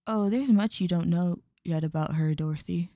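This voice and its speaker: A plain-spoken older village woman from a story game, read out by a woman streamer. She sounds low and mellow, folksy and unbothered, close and dry. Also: normal speed, no room sound, muffled recording, lightly acted.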